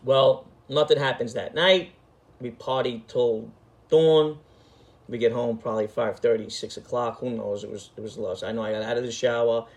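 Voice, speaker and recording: A man's voice: mid-range voice, normal speed. A middle-aged man, telling a story in an emphatic, profane, street-talking way. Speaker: storyteller host. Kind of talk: casual storytelling.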